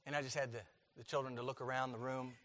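Man, pastor, sermon, emphatic, repeats phrases, loud-to-quiet swings, church sanctuary, long reverb. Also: medium pitch, level tone, fast.

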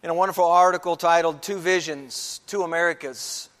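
A man's voice: on the high side, steady tone, brisk, a bit bright. A man preaching a sermon, emphatic and repeating key phrases for stress. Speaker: pastor. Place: church sanctuary. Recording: long reverb of a large hall.

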